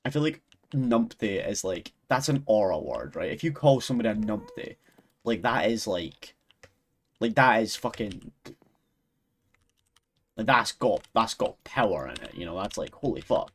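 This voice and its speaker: A man's voice: on the low side, sing-song, measured pace. Rambling sweary Scottish man. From Scotland. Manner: rambling, sweary, giggly, full of restarts. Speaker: live streamer. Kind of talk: casual chat with stream viewers.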